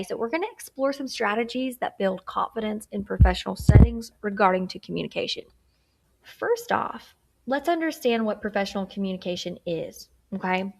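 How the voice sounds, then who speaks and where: Woman instructor with a gravelly edge, chatty, keeps asking "okay?" while she teaches a lesson. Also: medium pitch. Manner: acts out tone examples. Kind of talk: recorded workplace skills lesson.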